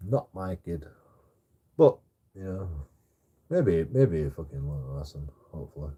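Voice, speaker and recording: A man's voice: low voice, sing-song, moderate pace, dark tone, slightly rough, dull audio. A man telling a rambling story on a livestream, swearing heavily and repeating himself.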